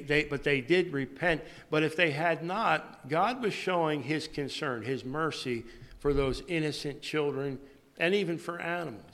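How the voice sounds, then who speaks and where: A man's voice: mid-range voice, a bit bright. Guy preaching a sermon, stops and restarts a lot, medium voice, big echoey hall. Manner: halting, repeats words and restarts while preaching. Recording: long hall reverb.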